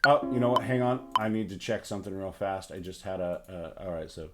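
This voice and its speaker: A man hosting a casual livestream music tutorial, his voice hoarse from phlegm, thinking aloud and narrating each step of his work with small restarts. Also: deep voice, fairly even intonation, a little fast. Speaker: livestream host.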